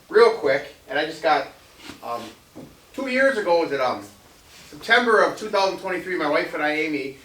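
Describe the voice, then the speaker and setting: A man's voice: a little high, pushed and bright, slight background noise. A man giving a casual history lecture to a live audience, rambling with many ums and restarts and jokey asides. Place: veterans center hall. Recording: echoey hall, voice from far off.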